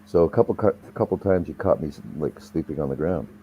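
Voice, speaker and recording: A man's voice: a bass voice, fast talker, muffled recording, a little hiss or hum. A young man casually telling a rambling, profanity-laced story in conversation. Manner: profane, rambling anecdotal delivery.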